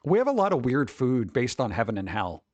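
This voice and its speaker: Animated, joking male streamer. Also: medium pitch, fairly quick, no room sound, highs cut off. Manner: joking, playful, riffing. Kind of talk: casual live-stream chat.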